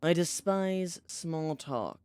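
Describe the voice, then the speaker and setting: A streamer voicing a surly, misanthropic house animal in a story game, speaking slowly with cold contempt. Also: mid-range voice, expressive, a little mellow, smooth. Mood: contemptuous.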